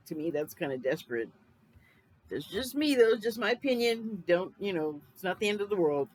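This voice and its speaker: A woman's voice: on the low side, breathy edge, poor audio. Chatty woman in her fifties reviewing a film. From Los Angeles. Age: 50s. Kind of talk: casual spoken film review.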